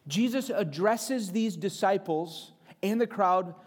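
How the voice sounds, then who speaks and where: A man preaching a sermon in an earnest way, shifting his pace and pitch for emphasis. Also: slow. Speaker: pastor.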